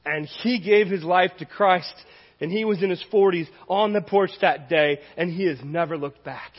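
A man's voice: high voice, in a large hall, highs cut off. A man preaching a sermon as a pastor, telling stories earnestly and acting out dialogue.

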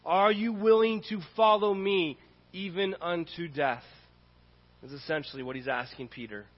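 A man's voice: high voice, moderate pace. A man preaching a sermon as pastor, earnest and repetitive in his cadence. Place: church sanctuary. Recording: dull audio in a reverberant hall.

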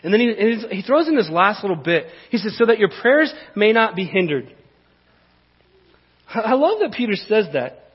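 A man preaching a sermon as pastor, in a conversational, animated way with repeated phrases. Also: high voice, moderate pace, husky, long reverb tail, muffled recording.

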